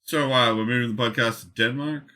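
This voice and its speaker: A man's voice: mid-range voice, fairly even intonation, a little fast, sharp tone. An Australian man co-hosting a podcast, making wry, dry asides in casual chat. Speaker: podcast co-host.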